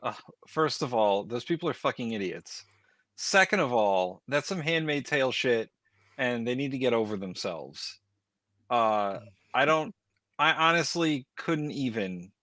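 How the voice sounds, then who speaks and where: A man's voice: mid-range voice, expressive, unhurried, fairly bright tone, no echo. A man speaking as a podcast guest, blunt and profane. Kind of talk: casual podcast chat.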